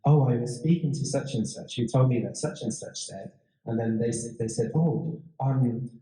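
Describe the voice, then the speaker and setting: Chatty man with a dark voice. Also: medium pitch, fairly quick. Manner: chatty, rambling, with frequent restarts and laughs. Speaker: talk speaker. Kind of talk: casual public talk with audience Q&A. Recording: echoey room.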